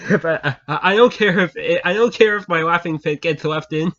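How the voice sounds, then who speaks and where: A man with a fairly high, somewhat bright voice, talking at a moderate pace, recounts something funny to his viewers. As the channel host chats casually, he often bursts into laughter and repeats himself; the audio is dull and lo-fi.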